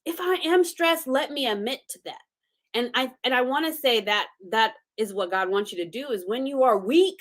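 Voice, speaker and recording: A woman's voice: fairly high pitch, a bit bright. A woman, maybe in her thirties, hosting a motivational faith talk. She speaks earnestly and preaches, asking pointed rhetorical questions. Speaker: host.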